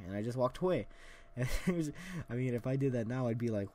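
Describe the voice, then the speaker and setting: A man's voice: mid-range voice, expressive, fast, a little mellow, slight background noise. A young man hosting a solo podcast, telling a long casual story with many fillers and restarts. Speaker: podcast host.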